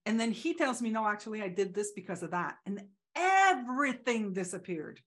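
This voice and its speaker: A woman in casual, reflective conversation, talking haltingly with many restarts and acting out the voices she quotes. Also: medium pitch, sing-song, fairly bright tone.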